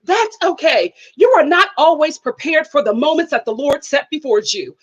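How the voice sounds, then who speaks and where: A woman hosting her own live-stream reaction show, talking in a blunt, animated, exclaiming way and reading out viewer comments. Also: sits high, moderate pace, lo-fi sound. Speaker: YouTube host.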